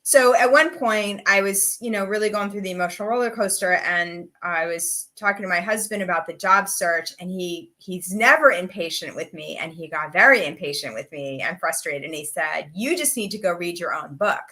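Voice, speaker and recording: Bright-voiced chatty woman presenter. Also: lowish voice, normal speed, few pauses. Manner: candid, chatty, frequent "like" and "you know". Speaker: webinar presenter, career coach. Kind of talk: casual live webinar talk.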